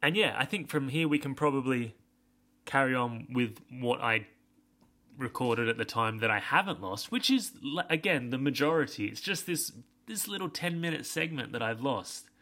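Young male podcast host, casual rambling recap, bright tone. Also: mid-range voice, animated, normal speed. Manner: rambling, sweary, self-deprecating.

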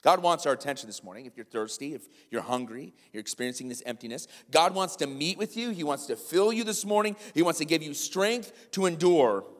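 A man's voice: a little high, lively intonation, brisk, hardly any pauses, long reverb tail. A man pastor preaching a sermon in a church, emphatic and repeating his key lines. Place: large church sanctuary.

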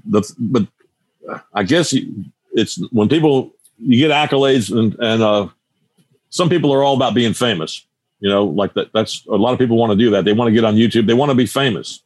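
Older guy in his 60s, lowish voice, rambling stories with lots of restarts, dry sound. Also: moderate pace, pauses often, no echo. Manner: rambling, restarts sentences often. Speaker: guest, guitar teacher and radio broadcaster. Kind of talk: casual interview storytelling.

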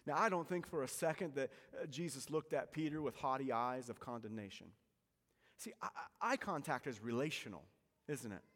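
A pastor preaching a sermon, swinging between forceful emphasis and hushed, soft lines. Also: male voice, mid-range voice, expressive, moderate pace, long reverb tail.

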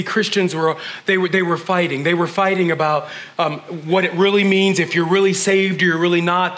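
Bright, high-voiced preaching man. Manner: animated preaching, acting out quoted voices, swinging from loud to hushed. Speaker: pastor. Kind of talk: sermon.

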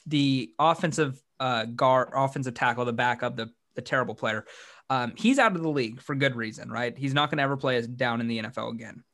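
Casual sports-podcast host, male, mid-pitched, rambling, restarts a lot, hiccuping. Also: brisk, a bit bright. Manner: rambling, restarts often, upbeat.

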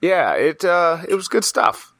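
A man on a casual anime podcast with a slightly higher, bright voice, recorded dry and close. He riffs in exasperated, joking rants and swears freely. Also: big pitch swings, measured pace, no room sound. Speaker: podcast co-host.

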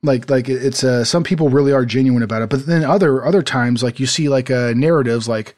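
A fast-talking man with a medium-pitched, darkish voice banters as a podcast co-host from his home in a desert city. The conversation is casual and rambling, with frequent fillers, restarts, and ready laughter.

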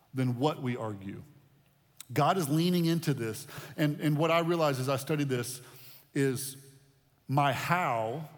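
Man preaching in a reverberant hall. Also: on the high side. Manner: conversational preaching with repetitions and restarts. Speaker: pastor. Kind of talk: sermon. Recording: long reverb of a large hall.

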